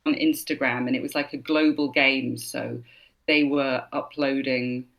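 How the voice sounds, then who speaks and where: A woman's voice: extremely low pitch, fairly even intonation, measured pace, vocal fry, a bit bright. Chatty woman voice actor telling stories. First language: English. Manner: chatty storyteller, frequent restarts and laughs. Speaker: voice actor guest. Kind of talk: casual interview chat.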